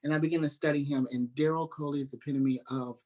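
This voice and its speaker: A man, a gospel singer, chatting as a radio interview guest, telling stories and acting out quotes with lively energy. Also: fast talker. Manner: animated storyteller, acts out quotes in a high voice. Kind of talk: casual interview talk.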